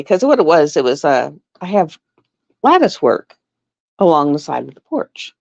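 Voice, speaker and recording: Lady chatting on a live stream, lots of laughs and voices, gravelly, kinda muffled dry sound. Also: on the low side, dry recording. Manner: animated, laughing, acts out voices. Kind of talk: casual storytelling chat. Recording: dull lo-fi sound.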